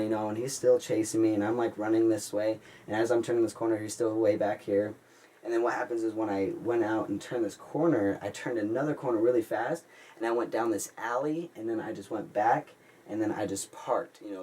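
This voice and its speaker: A young man telling a story in a casual, rambling, excitable way, full of "like" and restarts. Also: on the low side. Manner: rambling, excitable, heavy use of "like". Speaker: vlogger. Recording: distant mic with faint ambient noise.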